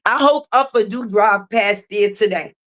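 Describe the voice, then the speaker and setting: A young adult woman streamer, ranting on a livestream in a profane, confrontational, animated way. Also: medium pitch, measured pace. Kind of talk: livestream rant. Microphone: streaming mic.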